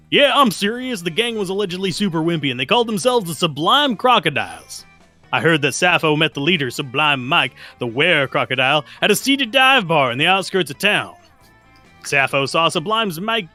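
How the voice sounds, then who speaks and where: A man reading game text aloud in a brisk, amused way while playing a video game with friends. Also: fairly high pitch, pushed and bright. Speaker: game commentator.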